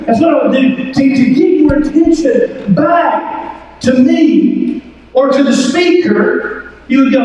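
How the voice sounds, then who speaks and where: A man preaching a sermon at an unhurried pace, stretching out key phrases and urging his congregation to listen. His voice sits very high. It is heard from a distance in a large, long-ringing church hall. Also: a little mellow, slight background noise. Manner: emphatic preaching, drawn-out phrases, calls to the congregation. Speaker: pastor. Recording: echoey hall from far off.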